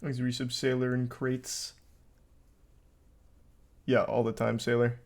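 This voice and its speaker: A man's voice: medium pitch, monotone, slow pace, a little mellow. Male streamer, casual reaction commentary, dry and profane delivery. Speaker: livestreamer.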